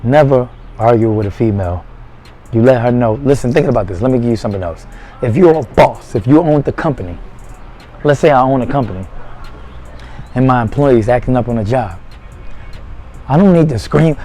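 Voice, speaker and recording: A man's voice: medium pitch, a little fast, long pauses, warm tone, faint music behind, rough recording. A man giving blunt, profane dating advice in a casual monologue, full of streetwise slang.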